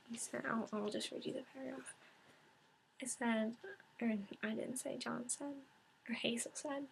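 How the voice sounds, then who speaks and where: Soft-spoken, tearful woman with vocal fry. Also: on the high side, slight background noise. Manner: speaks softly, half-whispering, with many pauses and restarts. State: close to tears. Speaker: book reviewer. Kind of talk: casual unedited book review vlog.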